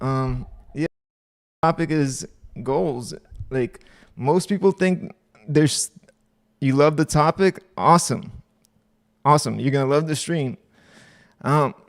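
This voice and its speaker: Man, livestream host, casual rambling chat, gravelly, a bit high-pitched. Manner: rambling, chatty, laughs often, reads chat aloud.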